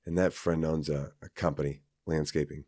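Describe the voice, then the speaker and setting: A man's voice: very deep voice, level tone, moderate pace, darkish tone, no echo, studio quality. A man from Kansas, a podcast guest, telling a personal story in a rambling, casual way with many fillers and restarts.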